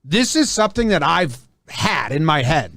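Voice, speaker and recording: Male podcast host, a bit high-pitched, loose hedging chatter, dry close mic. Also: sing-song, normal speed, a bit bright, dry recording. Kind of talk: casual chat.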